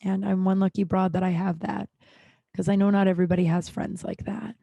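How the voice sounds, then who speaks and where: A woman's voice: medium pitch, flat delivery, brisk, creaky, dark tone, breathy edge, dry recording. Forties woman podcast host: loose, candid, wandering chat into a dry, close studio mic. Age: 40s. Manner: rambling, candid, swears casually. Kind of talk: casual solo podcast chat. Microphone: studio podcast microphone.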